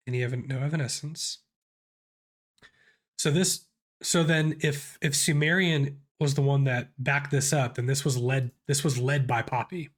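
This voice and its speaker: A man in his thirties with a sick voice, hosting a casual music reaction and thinking aloud with many restarts. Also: medium pitch. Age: 30s.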